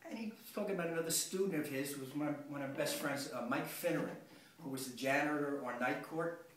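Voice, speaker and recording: Male acting coach, rambling lecture, slightly high voice, roomy and off-mic. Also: fast talker, a bit bright. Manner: rambling, conversational, self-interrupting. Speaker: acting teacher. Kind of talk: workshop lecture. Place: workshop room. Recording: echoey room, distant mic, faint noise.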